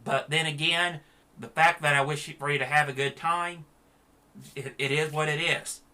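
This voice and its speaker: Blunt, sharp-toned man ranting. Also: fairly high pitch, fairly even intonation, moderate pace. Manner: blunt, sarcastic, frank. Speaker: vlogger. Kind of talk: opinion rant to camera.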